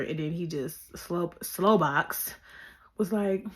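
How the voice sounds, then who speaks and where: A young woman telling a casual storytime to her viewers, chatty and slangy, repeating herself and breaking into animated asides. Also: sits low, unhurried.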